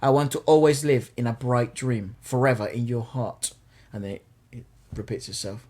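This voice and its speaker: A man's voice: mid-range voice, fairly even intonation, moderate pace, a little mellow. A man co-hosting a casual music reaction chat, reading song lyrics aloud and cracking jokes, swearing now and then. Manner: swears casually, jokey, uses British slang. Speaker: co-host reacting to music videos.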